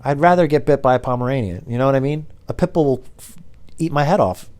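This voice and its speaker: A young man telling rambling stories to camera in a deadpan, casual way. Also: mid-range voice, quick pace. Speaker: former pizza delivery driver telling stories.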